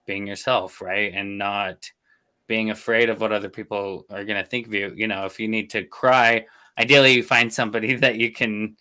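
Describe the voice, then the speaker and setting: A man hosting a casual interview, his voice low yet bright and forward. He winds through his questions with plenty of "you know" and "um" on the way. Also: fairly even intonation, moderate pace. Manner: rambling questions with many fillers. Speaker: host.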